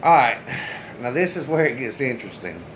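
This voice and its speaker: A man's voice: medium pitch, big pitch swings, brisk, a little hiss or hum, poor audio. A man casually telling a personal story straight to his viewers, loose and chatty, with the odd swear word. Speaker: storyteller, channel host.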